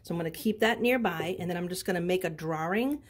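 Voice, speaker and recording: A woman's voice: on the low side, fast talker. A woman teaching a craft lesson, casually narrating each step as she works. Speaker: art teacher. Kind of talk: craft demonstration.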